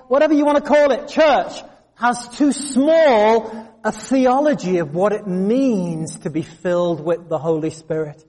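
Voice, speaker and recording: A man preaching a sermon, telling a story with humor and lively asides to the congregation. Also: sits high. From England. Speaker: pastor. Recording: long reverb of a large hall.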